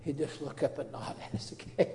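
A man's voice: brisk, dark tone. A man, a preacher telling an earnest, emotional testimony story. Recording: roomy echo.

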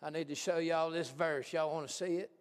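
A man pastor preaching a folksy, animated sermon, swinging from hushed asides to shouts. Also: on the high side, fairly quick. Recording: long hall reverb.

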